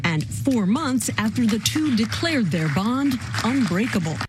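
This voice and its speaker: A woman reporting as a news correspondent in a crisp, measured, scripted way. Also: a little high, very animated, background noise.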